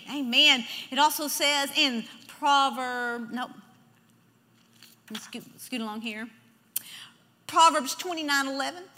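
A woman's voice: high-pitched, moderate pace, bright, forceful tone. A woman preaching a sermon in a church, emphatic, leading the congregation in repeating scripture aloud. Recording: long hall reverb.

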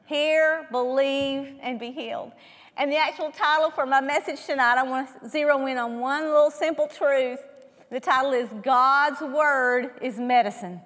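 A woman with a high voice preaches a sermon, throwing rhetorical questions at her listeners. She swings between loud, emphatic lines and hushed, almost whispered ones, and her voice trails off into the long reverb of a church hall. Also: fairly even intonation, normal speed.

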